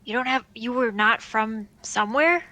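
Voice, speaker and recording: A woman's voice: on the high side, normal speed, sharp tone, no room sound. A woman playing a tabletop game, describing her character's actions in third person. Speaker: player.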